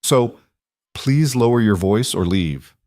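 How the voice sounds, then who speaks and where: A man's voice: medium pitch, expressive, slow, a little mellow, dry recording, studio quality. A man voicing a frightened young female librarian who stands firm in a small trembling voice. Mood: insistent.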